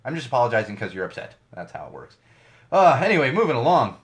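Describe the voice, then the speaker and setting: A man's voice: mid-range voice, very animated, fast. A middle-aged man hosting his own podcast from a home studio, giving ranty, digressive solo commentary with lots of emphasis. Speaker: podcast host.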